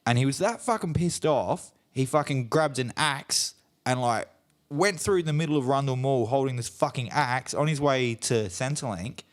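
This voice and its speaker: A man's voice: medium pitch, lively intonation, moderate pace. An Australian man co-hosting a casual podcast, a sweary, rambling storyteller who often laughs. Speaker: podcast co-host.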